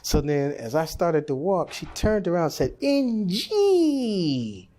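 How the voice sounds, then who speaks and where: A man's voice: a little high, moderate pace. A man, a jazz pianist, telling a story in an interview and acting out the voices of the people in it. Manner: animated storyteller, acts out quoted voices.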